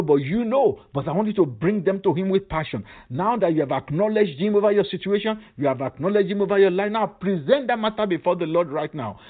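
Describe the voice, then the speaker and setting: A male pastor leading a fervent prayer sermon, repeating emphatic phrases. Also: on the high side. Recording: tinny phone-line sound.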